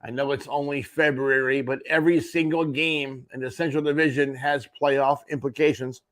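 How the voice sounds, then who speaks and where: A man's voice: medium pitch, flat delivery, normal speed, fairly bright tone. A man hosting a morning sports show, running through junior hockey standings with wry offhand asides. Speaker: host. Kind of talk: sports radio rundown.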